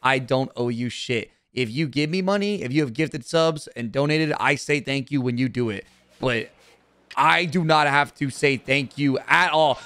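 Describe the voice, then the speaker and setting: A man's voice: medium pitch, expressive, a little slow, a bit bright. A man live-streaming while gaming, talking bluntly to his chat, swearing freely and getting heated.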